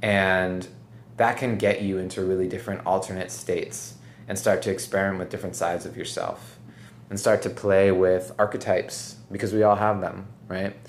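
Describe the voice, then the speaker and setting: A man's voice: deep voice, little pitch movement, normal speed, slight background noise. A man hosting a podcast in casual chat, rambling and reflective, often saying "like" and "right?". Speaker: podcast host.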